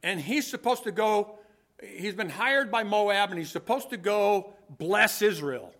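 A man's voice: high-pitched, animated, measured pace, fairly bright tone, slight background noise. A man preaching a conversational sermon, thinking aloud as he explains scripture, with frequent restarts.

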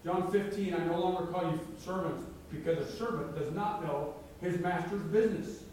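A man's voice: high voice, normal speed, a little mellow, a little hiss or hum. A middle-aged man preaching a sermon as a pastor, reading scripture aloud with emphatic rises. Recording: very echoey hall, mic far off.

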